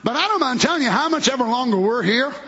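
A man preaching a fiery sermon, moving between quiet talk and shouted bursts in folksy grammar. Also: very high-pitched, expressive, fast talker, muffled recording.

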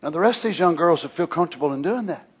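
An older man preaching a fervent sermon as pastor in a church, shouting at times and dropping to hushed tones. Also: on the high side, expressive, rapid-fire, slightly rough. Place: church sanctuary.

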